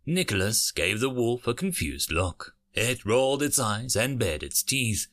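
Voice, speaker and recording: A man reading a sci-fi short story aloud as host of a narration channel, with expressive delivery. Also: mid-range voice, measured pace.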